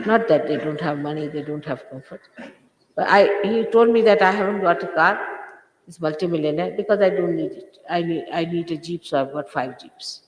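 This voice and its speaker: A woman's voice: lowish voice, normal speed, slight background noise. An older woman addresses her followers in a firm, scolding tone, driving her points home by repeating them. Her voice rings through a large hall with a long, roomy reverb. The recording carries the character of an old archive tape. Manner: scolding, emphatic, repeats phrases for stress. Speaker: spiritual teacher. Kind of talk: informal spiritual talk to followers.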